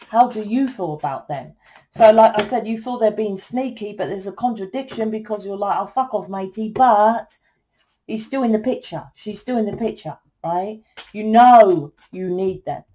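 A middle-aged woman with a mellow, mid-range voice gives a casual tarot reading monologue. She is a tarot reader and spiritual coach, and her delivery is blunt and salesy, with plenty of swearing.

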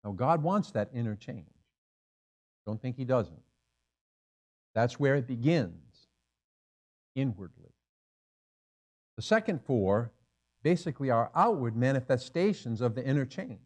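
A man's voice: medium pitch, big pitch swings, a little slow, long pauses, a little mellow. A man in his sixties, a pastor preaching a sermon in a church, emphatic and repeating key phrases for effect. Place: church sanctuary.

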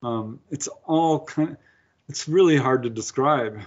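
Male guest, animated storyteller who acts out his own lines, mid pitch, muffled call audio. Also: unhurried. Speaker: guest, author and experiencer. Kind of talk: casual storytelling interview.

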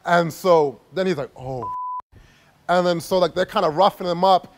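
A man's voice: high voice, normal speed, vocal fry, background noise. A man casually telling a personal story to camera as a travel vlogger, rambling and filling his talk with "like". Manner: rambling, heavy use of "like", laughs while telling.

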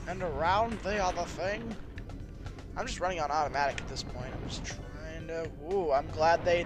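A man giving casual, rambling, self-deprecating commentary while playing a video game. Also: high-pitched. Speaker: let's play host.

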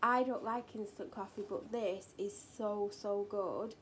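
A woman's voice: medium pitch, steady tone, unhurried, a bit bright, slight background noise. A woman with a British accent, chatting and rambling on in a hyper way in a home vlog from her kitchen. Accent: British English. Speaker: vlogger.

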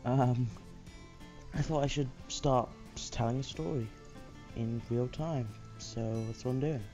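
A man's voice: mid-range voice, steady tone, slow, mellow, highs cut off, soft background music. A man hosting a let's play, chatting casually and muttering to himself while he builds. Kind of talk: casual gameplay commentary.

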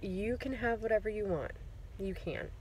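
A woman's voice: mid-range voice, moderate pace, a little mellow, slight background noise, rough recording. A woman recording a casual video diary, gushing with gratitude, close to tears and laughing between words. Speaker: client giving a testimonial.

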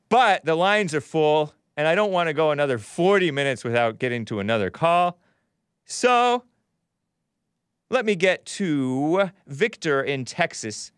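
A man's voice: a little high, clean tone, no room sound. Dry-sounding man hosting a live show. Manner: sardonic, laughs often. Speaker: host. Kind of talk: casual live show commentary.

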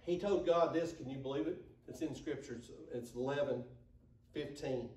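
A man preaching a sermon, building to emphatic declarations and dropping low to act out asides. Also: normal speed, a little mellow. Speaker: pastor. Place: church sanctuary. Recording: echoey church room, mic far off.

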